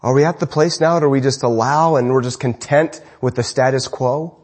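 A man preaching an evening sermon to a congregation, impassioned, swinging between raised urgent lines and low, quiet ones. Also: normal speed. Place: church congregation, evening service.

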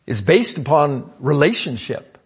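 A man preaching a sermon, calling out "amen?" to the congregation and swinging between loud emphatic lines and low asides. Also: very animated, unhurried, slightly rough. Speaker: pastor.

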